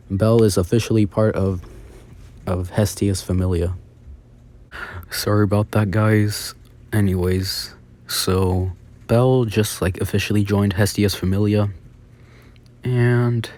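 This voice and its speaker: Low mellow rambling male storyteller. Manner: rambling, full of "like" and restarts. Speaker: fan story narrator. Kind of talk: casual improvised storytelling.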